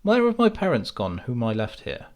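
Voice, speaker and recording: A man's voice: mid-range voice, huge pitch swings, normal speed. A man voicing an earnest young fisherman who grows frightened and pleads. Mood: alarmed, pleading. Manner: pleading, rising with alarm.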